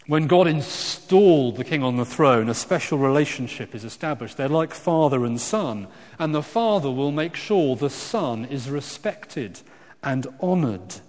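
Emphatic preacher in a reverberant hall. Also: male voice, mid-range voice, measured pace. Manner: animated and emphatic, swinging between loud exclamations and quiet asides; frequent restarts and stumbles. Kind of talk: sermon.

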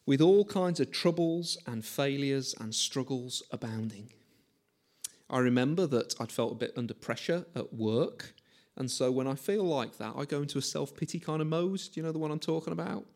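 A man's voice: medium pitch, expressive, normal speed, darkish tone. A man in his forties preaching a conversational sermon, chatty and self-mocking, often asking the listeners questions.

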